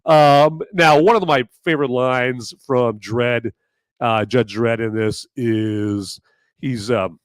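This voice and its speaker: A man hosting a live podcast, talking in a hoarse voice in a rambling, jokey way. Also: medium pitch, slow pace, slight background noise. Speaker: podcast host. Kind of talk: live casual chat.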